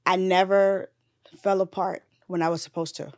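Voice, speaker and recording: Her tone stays level and fairly low as she speaks at a moderate pace in clean studio sound without room noise. A nurse and bereaved mother, she retells a painful memory on a frank podcast, cursing and moving from loud recounting into quiet grief.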